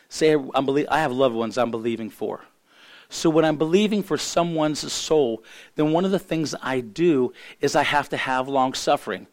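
Preaching with a voice gone hoarse, a middle-aged male pastor speaks in a mid-range register. His delivery is sincere yet stop-and-start, with many restarts.

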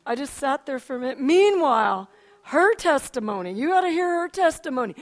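Older woman, high-pitched, emotional storytelling, animated, frequent restarts. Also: fairly quick. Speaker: speaker giving a testimony.

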